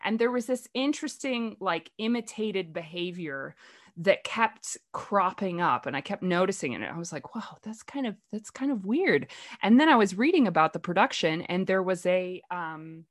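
A woman's voice: lowish voice, animated, normal speed. A woman hosting a play-reading group, chatty and rambling with lots of fillers. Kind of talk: casual talk.

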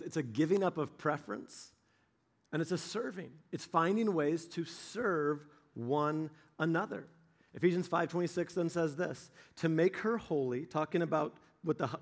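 Middle-aged male pastor, earnest, storytelling sermon, voice a touch high. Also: a little mellow. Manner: earnest, storytelling, reads scripture slowly. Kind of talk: sermon with scripture reading.

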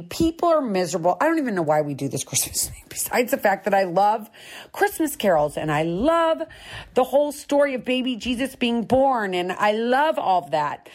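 A middle-aged woman hosting a sobriety talk, speaking in a candid, earnest and encouraging way that repeats its points. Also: medium pitch. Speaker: sobriety podcast host. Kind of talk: candid personal monologue.

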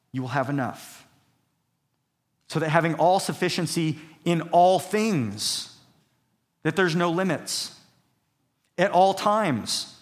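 A male pastor preaching a sermon, emphatic and repetitive, reading scripture aloud between points. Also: on the high side. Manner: emphatic preaching, repeats key phrases, reads scripture aloud.

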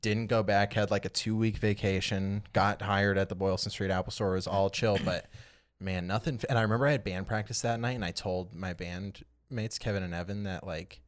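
Lower-voiced young man telling a rambling story. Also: brisk. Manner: rambling, animated retelling with lots of "like". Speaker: podcast co-host. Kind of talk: casual storytelling chat.

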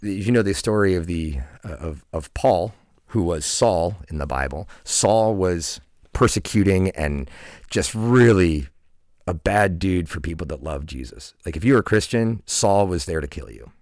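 A man's voice: deep voice, lively intonation, a little slow, darkish tone, no room sound, clean studio sound. A man in his forties, a podcast guest, telling an earnest, reflective personal story in casual conversation. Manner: earnest, reflective, frequent restarts and "like".

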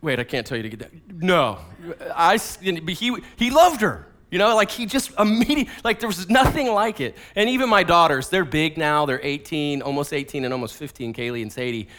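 A man in his forties preaching a casual sermon, telling family stories in a conversational, animated way with many fillers and restarts. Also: a little high, brisk, hardly any pauses. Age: 40s. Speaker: pastor.

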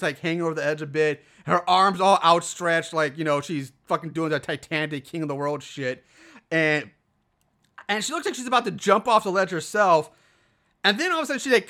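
A lively, swearing voice recapping a strange movie scene by scene, its pitch leaping up and down as it goes. The tone is bright and a little sharp, with an exasperated edge. It is casual podcast chat between friends. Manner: profane, animated, exasperated retelling. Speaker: podcast co-host.

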